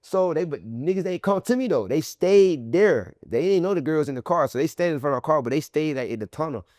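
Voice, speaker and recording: A man being interviewed as a guest, telling his story in animated, profane slang and acting out what others said in a raised voice. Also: fairly high pitch, fairly quick, no room sound, studio quality. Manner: acts out quoted people in a raised voice.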